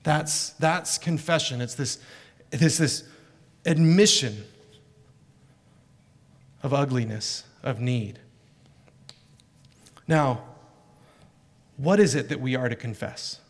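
A man's voice: medium pitch, takes it slowly, long pauses. A middle-aged male pastor preaching an earnest, emphatic sermon full of rhetorical questions. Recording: long hall reverb.

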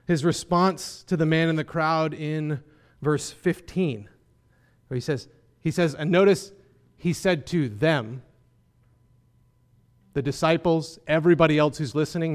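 A man's voice: fairly high pitch, measured pace. A man preaching a sermon, earnest and emphatic, often asking his listeners rhetorical questions. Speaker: pastor.

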